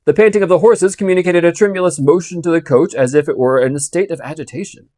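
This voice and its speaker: Guy reading an old novel out loud, kinda high voice, super dry close mic. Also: fast, dry recording. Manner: expressive storytelling. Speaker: audiobook reader. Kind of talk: classic novel narration.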